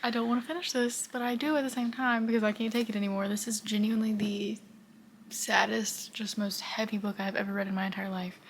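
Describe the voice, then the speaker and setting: A young female book vlogger talks through her reading in a casual vlog, emotional and often dropping to a whisper. Her voice is medium-pitched with a flat delivery and a brisk pace, and there's a little hiss or hum in the audio.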